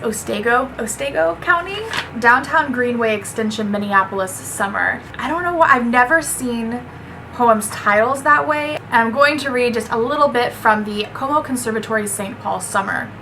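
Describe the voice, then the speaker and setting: A woman's voice: medium pitch, background noise. A woman reviewing a poetry book, earnest and chatty, reading poems aloud between her remarks.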